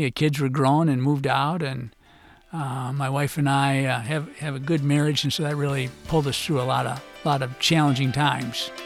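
An older man answering radio interview questions as an author and guest, halting and hesitant, often trailing off quietly. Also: medium pitch, no echo, clean studio sound.

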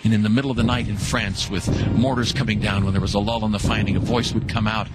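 A man telling an inspirational story in an earnest way, slowing down for emphasis. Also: on the low side, steady tone, over loud music.

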